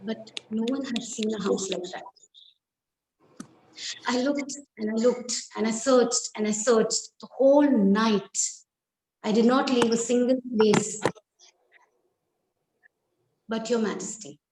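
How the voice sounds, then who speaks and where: A woman narrates a dramatic first-person tale slowly and deliberately. Her voice sits fairly high and she lets each line land. The recording has a roomy echo. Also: a little hiss or hum. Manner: slow, deliberate, expressive telling. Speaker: storyteller. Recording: echoey room.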